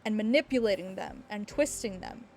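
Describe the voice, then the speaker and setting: A woman streaming, chatting excitedly and rambling, with frequent laughs and apologies. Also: medium pitch, normal speed, a little hiss or hum. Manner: gestures and hits the desk when excited. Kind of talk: excited livestream chat reacting to a game. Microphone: desk mic picking up thumps.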